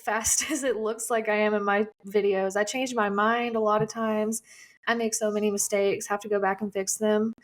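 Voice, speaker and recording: A woman speaking as a guest in a casual interview, chatty and easygoing, with frequent fillers. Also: fairly high pitch. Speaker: guest content creator.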